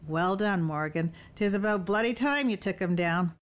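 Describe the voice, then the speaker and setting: A woman's voice: mid-range voice, moderate pace, close to an everyday voice. A woman doing a smirking, mocking warrior man. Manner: mocking, wry.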